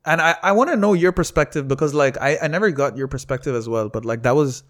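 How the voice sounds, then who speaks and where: A man tells a funny story in a relaxed chat, with a slightly high voice. He laughs often and slips into put-on voices for the people he quotes. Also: fast talker. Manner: animated, laughing storyteller who acts out quotes. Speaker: comedy producer and comedian.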